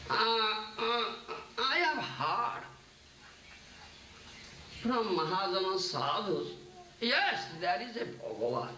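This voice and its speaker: Devoted old village father, slow and lively in pitch, voiced by a male lecturer, echoey distant room. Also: exaggerated voice. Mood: earnest. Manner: slow pleading tone, repeated "huh?" checks. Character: elderly village father, devoted, simple, doting. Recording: echoey room, distant mic, faint noise.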